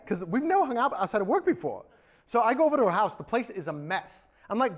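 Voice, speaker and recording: Man, solo theatre comedian, high voice, lively swoops, campy storytelling. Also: fast talker. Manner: campy, animated. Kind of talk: comic storytelling monologue.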